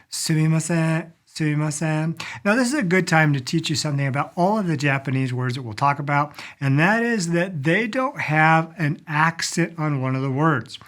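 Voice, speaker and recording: Guy with a slightly high voice teaching phrases, chatty, says words over slowly. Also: a bit bright. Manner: chatty, explains slowly and repeats words for practice. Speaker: language teacher. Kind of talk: casual video lesson.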